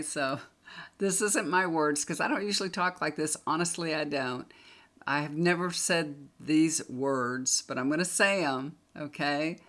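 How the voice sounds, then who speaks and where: A woman's voice: deep voice, fairly bright tone. A woman tarot reader talking casually to a camera, chatty and emphatic, repeating points for stress.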